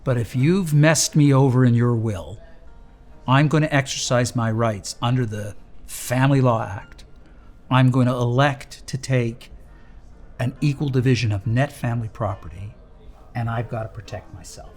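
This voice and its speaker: A loving wife who turns firm and self-protective, as a man voices her in his own low-ish voice, soft and quiet then steady and set. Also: normal speed, faint music behind, close to an everyday voice.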